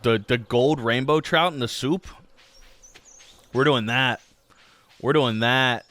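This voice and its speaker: A man's voice: mid-range voice, takes it slowly, bright, forceful tone. A man hosting a gaming channel, rambling casually through let's-play commentary with many filler words.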